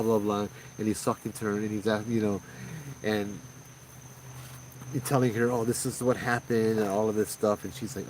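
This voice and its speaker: A man with a Hawaiian accent casually retelling a paranormal experience in a conversational, animated way, acting out the quoted voices. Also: fairly low pitch. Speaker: paranormal storyteller. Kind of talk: casual spoken ghost story. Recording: distant mic with faint background noise.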